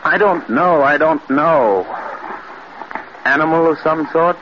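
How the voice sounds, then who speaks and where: An actor playing a frantic, grief-stricken man who shouts and breaks into cries, in 1940s radio acting style. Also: a little high, takes it slowly. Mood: tense. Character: man haunted by a horror, frantic and grieving. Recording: muffled old radio recording with hiss.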